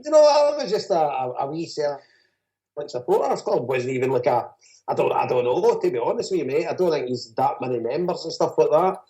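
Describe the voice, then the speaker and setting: A man's voice: fairly high pitch, very animated, brisk, warm tone, rough recording. A Scottish man co-hosting a fan podcast, chatty and full of fillers. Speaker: co-host. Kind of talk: casual podcast chat.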